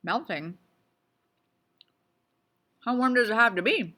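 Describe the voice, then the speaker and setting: A woman's voice: a little high, animated, slow pace, bright, forceful tone. A woman teaching a casual science lesson on video, playful and chatty, asking lots of questions and sometimes talking with her mouth full. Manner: talks with her mouth full while eating.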